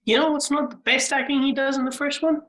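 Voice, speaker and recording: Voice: high-pitched, fairly even intonation, quick pace, fairly bright tone, roomy sound. A film podcast co-host who talks hesitantly, often stopping and restarting sentences, and answers in short clipped replies. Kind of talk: casual film chat.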